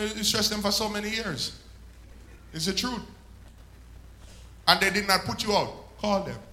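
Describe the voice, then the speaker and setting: A male pastor preaches in a high, bright, ringing voice. He swells up and then stretches words out slowly for emphasis. The sound bounces around an echoey church room. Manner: preaching with sudden swells and slow drawn-out emphasis. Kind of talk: sermon.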